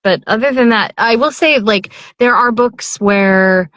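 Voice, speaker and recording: A woman's voice: on the high side, measured pace, fairly bright tone, no room sound, muffled recording. A middle-aged woman, an audiobook narrator, chatting casually as an interview guest, rambling with lots of fillers and restarts.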